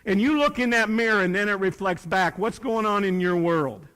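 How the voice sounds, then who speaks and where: A man's voice: sits high, normal speed, fairly bright tone, smooth. A middle-aged man giving a folksy, joking motivational speech to a hall of students, asking the crowd questions. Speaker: speaker at a student leadership academy. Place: large hall with a student audience. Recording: long hall reverb.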